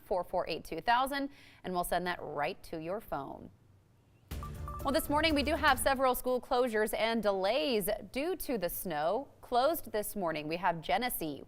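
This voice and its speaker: A woman anchoring morning TV news, reading updates and school closures in a brisk, friendly way. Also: medium pitch, fairly bright tone.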